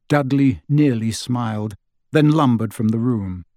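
A man narrating an audiobook in an expressive storytelling manner, close to the mic. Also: mid-range voice, unhurried, no room sound. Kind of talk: scripted narration.

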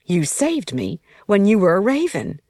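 Remorseful young vampire woman, higher and louder, as a woman reads her. Storybook. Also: huge pitch swings, unhurried, dry recording, clean studio sound, full character voice. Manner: anxious, apologetic.

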